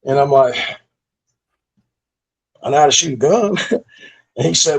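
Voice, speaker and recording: A man's voice: medium pitch, unhurried, long pauses, husky. A middle-aged man, a former pro wrestler, telling stories from his career in a laid-back, profane way, with lots of fillers. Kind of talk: casual storytelling interview.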